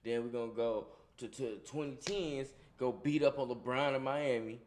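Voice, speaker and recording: Middle-aged male stream co-host, hyped and profane, joking loudly with chat, mid-pitched voice. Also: normal speed, slight background noise. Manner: hyped, loud and joking, repeats greetings. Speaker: co-host of a gaming livestream. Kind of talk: casual profane livestream chat.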